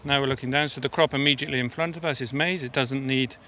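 A man's voice: medium pitch, steady tone, quick pace, pushed and bright. A man working as an aid worker, explaining things step by step in a field interview on a mountain path. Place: outdoors on a steep mountain path.

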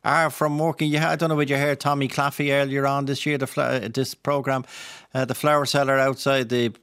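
A man with a Dublin accent hosting a radio phone-in, pushing back on a caller in a measured way with some hesitation. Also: medium pitch, level tone, a bit bright, clear, resonant tone, no echo, clean studio sound. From Ireland. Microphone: studio mic.

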